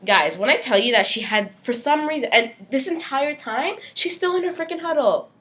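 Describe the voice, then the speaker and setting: A woman's voice: sits high, moderate pace. A young woman co-hosting a podcast, telling a work story in casual chat and acting out what people said, laughing as she goes. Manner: animated, acts out quoted dialogue, laughs while telling. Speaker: podcast co-host.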